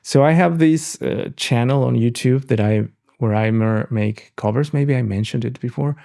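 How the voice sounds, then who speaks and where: Middle-aged male host; mellow, gravelly, animated and profane. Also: medium pitch, moderate pace. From Mexico. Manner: animated, swearing, laughing storyteller. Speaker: podcast host. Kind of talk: casual podcast conversation.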